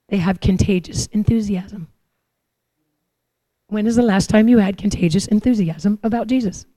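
A woman giving a sermon, telling lively personal stories and acting out her own prayers and the answers she hears. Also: mid-range voice, dry recording. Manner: animated storytelling, acts out her own prayers and God's replies. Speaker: preacher.

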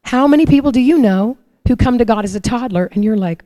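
A woman giving a sermon, telling lively personal stories and acting out her own prayers and the answers she hears. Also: fairly high pitch, fast, hardly any pauses, no echo. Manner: animated storytelling, acts out her own prayers and God's replies. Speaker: preacher.

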